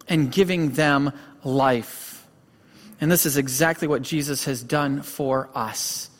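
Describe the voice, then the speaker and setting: Earnest pastor with a fairly high voice. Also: male voice, fairly bright tone. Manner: earnest storytelling, emphatic repetition. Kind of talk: sermon. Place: church sanctuary. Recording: long hall reverb.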